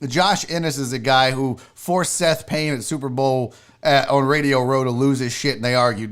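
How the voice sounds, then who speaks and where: A man's voice: medium pitch, a bit bright. A man hosting a sports talk show, chatting casually and animatedly, telling self-mocking stories. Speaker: sports radio host. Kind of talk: casual radio chat.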